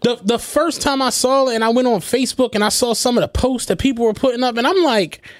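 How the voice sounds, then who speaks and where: A man co-hosting a podcast, telling animated stories in casual, profane chat and acting out what people said. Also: very high-pitched, quick pace, no echo, studio quality. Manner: animated storytelling, profane, acts out quotes. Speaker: podcast co-host.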